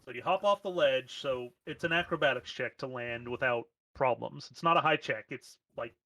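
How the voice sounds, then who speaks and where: A man's voice: medium pitch, moderate pace, bright, forceful tone, dry recording. A man running a tabletop game as game master, making plain rules calls with a few fillers.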